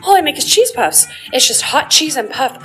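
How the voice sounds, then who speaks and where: A woman voicing a manic, cheese-puff-obsessed caterer in a parody ad pitch. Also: normal speed, faint music behind. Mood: obsessive. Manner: zany deadpan parody ad pitch.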